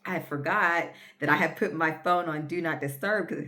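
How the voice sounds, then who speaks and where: Vlogger, female, low voice, earnest and rambling storyteller. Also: normal speed, sharp tone. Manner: rambling, filler-heavy, earnest. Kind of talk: casual storytelling.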